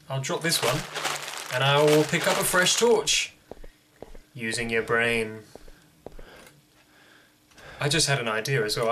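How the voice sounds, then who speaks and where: Young male gamer host, bright tone, jittery joking horror commentary, faint noise. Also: mid-range voice. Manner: jumpy, jokey, talking to himself. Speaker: gaming video host. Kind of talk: horror game let's play commentary.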